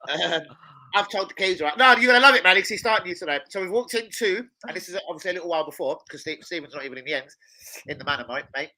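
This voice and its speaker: A man's voice: on the high side, quick pace, low-quality recording. A man hosting a football watch-along, rambling and swearing freely in casual chat. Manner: rambling, excitable, swears a lot. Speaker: chef.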